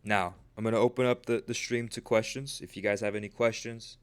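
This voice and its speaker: A man's voice: lowish voice, steady tone, brisk, clear, resonant tone. A man of twenty hosting a casual livestream about trading, talking earnestly and motivationally, peppering his speech with "right?" and "bro". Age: 20s.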